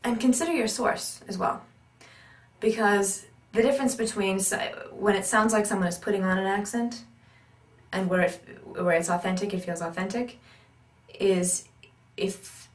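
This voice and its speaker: A woman teaching about accents and voice work in an animated, emphatic way, repeating her key points. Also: mid-range voice, distant mic. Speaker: acting and accent coach. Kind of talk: instructional talk. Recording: roomy echo, speaker off-mic.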